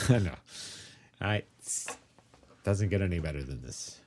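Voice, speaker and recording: Low-ish guy with a super lively voice, teasing his cohost and laughing. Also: slight background noise. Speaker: podcast co-host. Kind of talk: casual chat.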